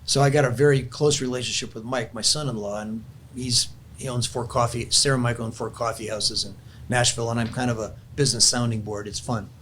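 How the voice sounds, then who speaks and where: A grandfatherly older man speaks earnestly in a middle-pitched voice, telling a family story as though chatting across a table. He sounds heartfelt and sincere, and a faint hiss of noise lies behind him. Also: fairly even intonation, a little fast, hardly any pauses, a bit bright. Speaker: podcast guest. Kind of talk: conversational storytelling and prayer.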